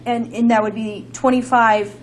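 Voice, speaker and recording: Woman instructor, higher voice, brisk step-by-step class explanation, faint room noise. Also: level tone, low-quality recording. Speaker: math instructor. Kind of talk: classroom lecture.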